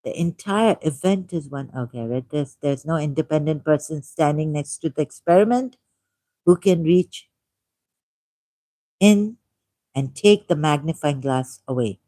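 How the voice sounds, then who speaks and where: A man with a Pakistani accent hosting a livestream, reading a text aloud at a deliberate pace with musing asides and repeated key words. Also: on the high side, mellow, dry recording. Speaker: livestream host.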